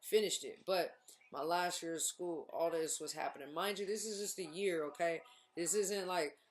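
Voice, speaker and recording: Animated woman in her thirties telling her story. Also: on the low side, normal speed, a little hiss or hum. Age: 30s. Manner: animated, slangy, acts out voices of others. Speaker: speaker sharing her recovery story. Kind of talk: casual storytelling talk.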